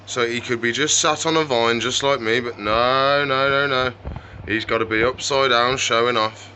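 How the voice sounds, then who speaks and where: A man chats casually on camera and keeps talking to his animals. His voice is bright and forward. A faint hum of background noise sits under it. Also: medium pitch, steady tone, normal speed, poor audio. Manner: chatty, talks to his animals. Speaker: reptile shop owner. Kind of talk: casual vlog chat.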